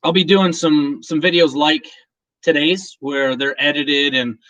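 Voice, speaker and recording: A man's voice: a little high, fairly even intonation, unhurried, bright, forceful tone, no room sound. A man hosting a whiskey channel's live stream, chatting casually and emotionally with viewers and his partner. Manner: rambling, emotional, laughs often, many restarts.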